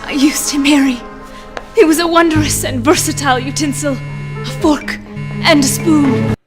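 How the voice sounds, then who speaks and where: Mock-tragic teen film girl, high voice, clear music bed behind. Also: unhurried. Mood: mock grief.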